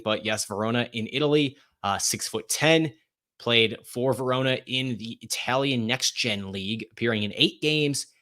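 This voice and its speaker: A man hosting a solo sports podcast, talking in a chatty, animated way and often restarting his phrases. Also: medium pitch. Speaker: podcast host and sports writer.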